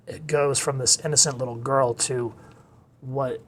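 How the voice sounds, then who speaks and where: A man giving a casual video review of a comic, retelling it excitedly with gasps and exclamations. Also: medium pitch, a little slow. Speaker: manga reviewer.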